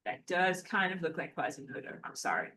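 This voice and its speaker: Bright-voiced woman teaching at a whiteboard. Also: on the low side, animated, brisk. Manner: chatty and playful, thinks aloud, self-corrects. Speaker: spiritual teacher. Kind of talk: casual whiteboard lecture while drawing.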